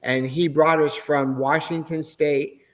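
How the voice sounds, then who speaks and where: A man's voice: a little high, little pitch movement, takes it slowly. A middle-aged man, a podcast guest, telling his personal faith testimony in an earnest, emotional way. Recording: long hall reverb.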